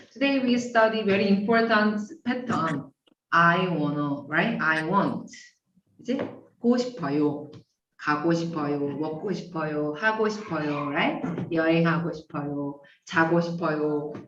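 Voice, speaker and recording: A woman's voice: low-pitched, expressive, quick pace, fairly bright tone, reverberant, far from the mic, highs cut off, slight background noise. A woman with a Korean accent teaching a beginner language class, repeating phrases and checking in with her students. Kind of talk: online language lesson.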